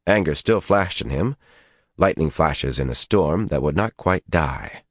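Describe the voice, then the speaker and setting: A male audiobook narrator with a very deep voice, reading with steady, dramatic storytelling. The sound is dry and close, with no room around it. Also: unhurried, dry recording. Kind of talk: scripted narration.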